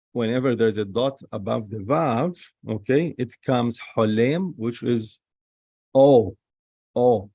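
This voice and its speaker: Slow gravelly teacher. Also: male voice, medium pitch, mellow, no room sound. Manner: repeats sounds slowly, pauses while writing. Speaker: Hebrew teacher. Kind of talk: slow alphabet lesson.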